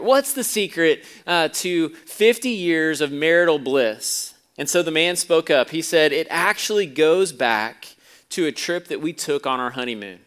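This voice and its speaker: A man preaching to a congregation, his voice a little higher than most men's. He moves between hushed, low stretches and loud, emphatic ones, and tells stories with relish. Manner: storytelling preacher, swings from quiet to loud. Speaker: pastor. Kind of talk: sermon.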